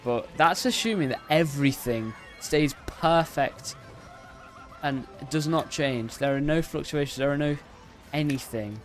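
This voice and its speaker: With faint music behind him, a man whose voice is a little high talks at a measured pace to viewers of his racing game live stream. He rambles and cuts himself off, and shouts "no, no" repeatedly while playing.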